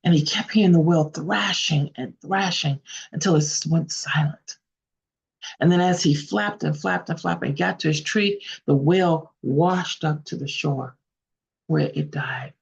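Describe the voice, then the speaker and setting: A woman storyteller telling a folk tale in an unhurried, earnest way, sometimes correcting herself, over a video call. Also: low voice, gravelly, breathy edge, dull audio. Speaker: storyteller, guest speaker. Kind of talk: oral storytelling.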